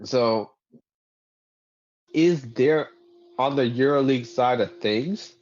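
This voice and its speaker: A man co-hosting a sports podcast who reels off numbers and player stats in a dry, lightly sarcastic way. His voice sits at a middle pitch. The audio is muffled and lo-fi. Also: takes it slowly, a little mellow. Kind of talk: casual sports chat.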